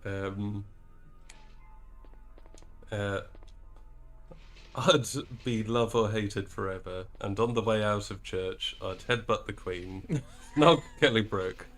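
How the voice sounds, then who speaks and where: Guy on a stream, talks real slow and low, dry jokey asides. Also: fairly bright tone, soft background music. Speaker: livestream co-host. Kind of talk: casual chat.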